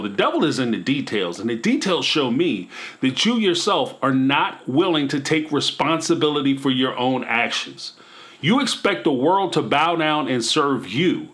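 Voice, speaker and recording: A man's voice: on the high side, fairly bright tone. A man hosting a commentary channel, talking emphatically and preachily in a casual vlog style, with playful asides.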